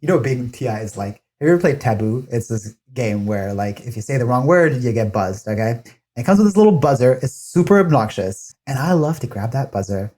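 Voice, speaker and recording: Animated man in casual commentary. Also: fairly quick. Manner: animated, acts out quoted voices with big pitch jumps.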